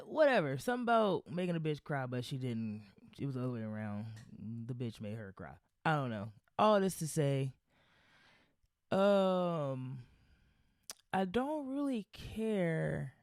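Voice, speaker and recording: Podcast host, casual solo rant, blunt and profane, mellow tone, dry close sound. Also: mid-range voice, no room sound. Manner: rambling with frequent fillers and trailing restarts.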